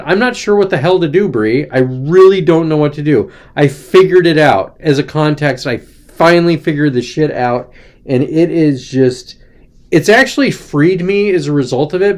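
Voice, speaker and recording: A man's voice: fairly high pitch, a little mellow. A man hosting a casual livestream from his desk, talking in a digressive, chatty way with lots of ums and restarts. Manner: digressive, chatty, frequent ums and self-corrections. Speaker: livestream host. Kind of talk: casual rambling livestream talk.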